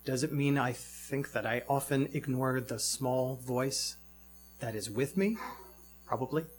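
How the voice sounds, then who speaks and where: A man's voice: mid-range voice, a little slow, faint music behind. A man preaching a sermon in a reflective way, asking many rhetorical questions.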